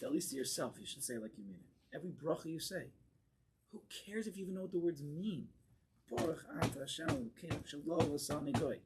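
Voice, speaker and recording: A man, a rabbi, giving an impassioned Torah class in a congregation hall, moving between quiet asides and forceful exclamations. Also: a little high, a little hiss or hum. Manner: fervent and emphatic, swings from hushed asides to forceful exclamations.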